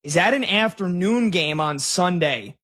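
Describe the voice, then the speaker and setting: A man co-hosting a live sports talk show, calling game results with excited emphasis. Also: high voice, a little slow. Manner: excited, emphatic score updates.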